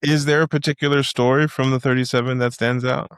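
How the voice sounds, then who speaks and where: A man's voice: mid-range voice, little pitch movement, fast talker, clear, resonant tone, no echo, studio quality. A man co-hosting a podcast, asking a guest thoughtful open questions. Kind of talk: interview questions.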